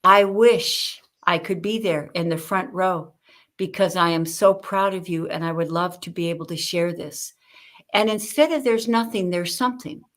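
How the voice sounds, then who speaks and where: An older woman, a guest on an interview show, telling lively stories about communication and acting out the people she quotes. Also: lowish voice, normal speed. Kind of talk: conversational interview with storytelling.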